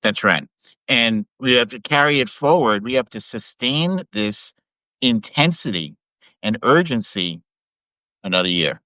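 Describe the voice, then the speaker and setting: A man chatting on a live stream, upbeat and emphatic, with frequent laughs. His voice is bright and smooth, in a middle range, and it sounds close and dry. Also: mid-range voice, lively intonation, measured pace, dry recording, poor audio. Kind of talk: casual political chat.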